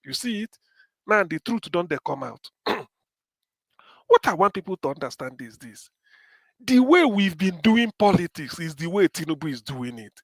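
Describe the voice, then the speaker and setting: A Nigerian man with a notably high voice delivers animated political commentary on a live stream. He moves freely between English and Pidgin, and the sound is close and dry. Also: moderate pace, long pauses, no room sound.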